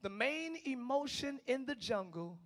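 A male pastor preaching a passionate sermon, swinging between shouting and hushed tones and talking straight to the congregation. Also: very high voice, very animated, measured pace. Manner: talks directly to the congregation, calling them y'all.

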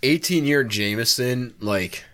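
A man's voice: mid-range voice, unhurried, bright, forceful tone. A man co-hosting a podcast in casual banter, swearing and joking and showing off his whiskey knowledge. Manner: crude, joking, knowing about whiskey. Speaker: podcast co-host.

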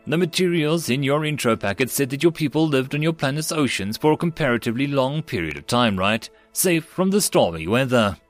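A man's voice: mid-range voice, animated, brisk, few pauses, faint music behind, lightly acted. A man voicing a wry, often exasperated human woman diplomat who sighs through her explanations.

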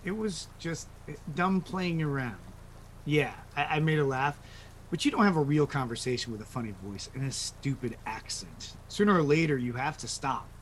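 An actor in an audio drama playing a dying father who speaks in a halting, regretful, soft manner. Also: on the high side, animated, slight background noise, lightly acted. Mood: weary. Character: dying father, remorseful and quietly self-mocking.

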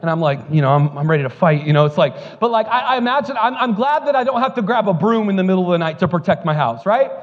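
A man's voice: sits high, expressive, quick pace, hardly any pauses, big-room sound, muffled recording. A male pastor preaching a sermon, telling joking stories before building to fervent preaching at a church service.

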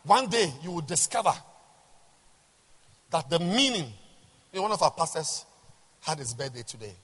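High, lively bishop preaching. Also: male voice, moderate pace, breathy edge. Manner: emphatic, rhetorical, swings from quiet to shouting. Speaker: bishop and pastor. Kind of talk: sermon. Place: large church hall. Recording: reverberant church hall.

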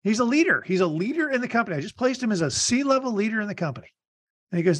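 A man hosting a business podcast, telling blunt, animated stories in a casual interview. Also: sits high, no room sound. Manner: animated storytelling, blunt, fast bursts. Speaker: podcast host.

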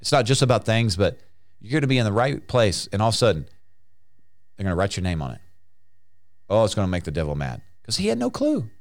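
A male preacher delivering a sermon in a somewhat low voice. He talks emphatically, circling back over his phrases and punctuating them with hallelujahs. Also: fast talker, long pauses. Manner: emphatic and repetitive, restarting phrases, frequent hallelujahs.

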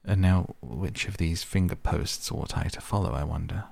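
A man's voice: low-pitched, normal speed, gravelly, dark tone, dry recording, full character voice. A man reading the part of a curious young girl who rambles and muses aloud to herself in a storybook. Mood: musing.

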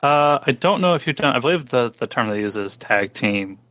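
A man's voice: mid-range voice, expressive, fairly quick, a bit bright, no room sound, lo-fi sound. A man who runs tabletop games, explaining his approach hesitantly with lots of fillers. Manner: hesitant, with many "like" fillers and restarts. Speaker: game master. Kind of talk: casual tabletop gaming discussion.

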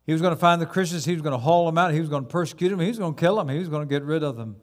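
A man's voice: a little high, rapid-fire. A man preaching a sermon as pastor, building dramatically to emphatic repeated words.

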